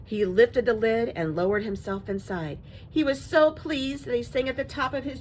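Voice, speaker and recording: A woman reading a children's picture book aloud, expressive and asking listeners about the pictures. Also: fairly high pitch, normal speed, few pauses, a little hiss or hum, rough recording.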